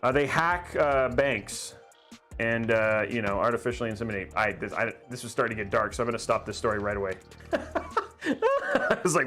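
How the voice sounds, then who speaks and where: A man's voice: medium pitch, huge pitch swings, normal speed, a bit bright, soft background music. A young man hosting a live stream, chatting casually with frequent laughs and reading chat aloud in a rambling way. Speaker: livestream host building a PC.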